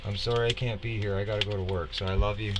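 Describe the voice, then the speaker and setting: A man speaking calmly and reassuringly in casual talk. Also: lowish voice, fast talker. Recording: loud background noise and clicks.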